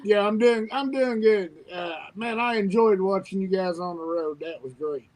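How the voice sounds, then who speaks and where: A man's voice: high-pitched, normal speed, darkish tone. A man calling in to a chat show, easygoing and friendly. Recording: noisy clicky call line.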